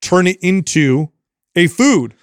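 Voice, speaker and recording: A young man hosts a casual podcast, telling stories with animated energy and an easy, profane edge. His voice sits a little high for a man. He is close-miked in a dry, dead room. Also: slow, no echo. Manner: animated storyteller, swears casually. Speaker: podcast host.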